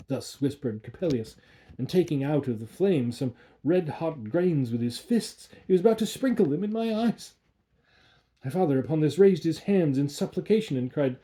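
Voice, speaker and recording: A man reading a classic horror tale aloud with an expressive, theatrical delivery. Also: fairly high pitch, normal speed.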